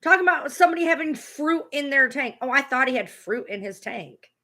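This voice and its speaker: Bright, forceful, and expressive, this woman's high voice moves briskly as she reacts to a clip on stream. She rants heatedly, swearing hard and circling back to the same points repeatedly.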